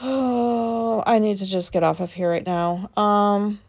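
A woman's voice: mid-range voice, fairly even intonation, takes it slowly, darkish tone. Frank, rambling woman podcaster. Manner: rambling, self-questioning, frank with casual swearing. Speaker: podcast host. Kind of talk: casual solo podcast monologue.

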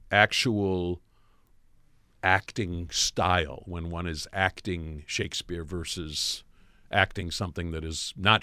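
Low-voiced male interviewer, dry sound. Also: a bit bright, dry recording. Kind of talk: interview questions.

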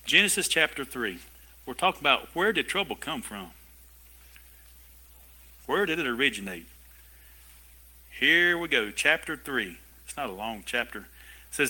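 A man pastor preaching a sermon in a lively way, with asides and chuckles to his congregation. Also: medium pitch, measured pace, long pauses, breathy edge. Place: church service with a congregation.

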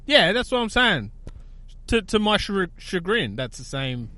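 A man's voice: high voice, a little slow. A man with an Australian accent co-hosting a podcast, joking and chatting loosely with plenty of fillers. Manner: animated, joking, full of fillers. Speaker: podcast co-host. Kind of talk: casual banter.

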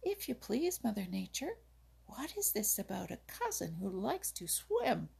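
Peter Rabbit, as a husky woman puts him on. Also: mid-range voice, wildly swooping pitch, measured pace, darkish tone, pitched above the performer's own voice, heavily acted. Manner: earnest, eager to show what he knows. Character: eager, curious young male rabbit. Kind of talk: storybook reading.

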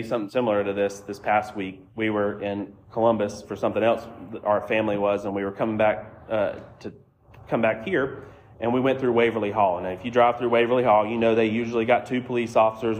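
A pastor preaches a sermon as a conversational, self-deprecating story, acting out the quoted voices. His voice is mid-range, with a little hiss or hum in the recording.

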